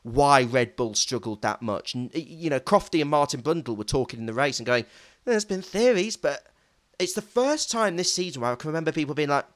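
Animated, lively-voiced man. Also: medium pitch, quick pace, hardly any pauses. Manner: animated, emphatic, self-mocking. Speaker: podcast co-host. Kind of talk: casual chat.

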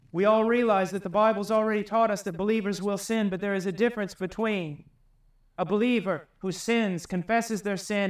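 A man preaching a sermon with passion, climbing high and loud to drive home his points. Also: far from the mic. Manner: impassioned, rises high and loud for emphasis.

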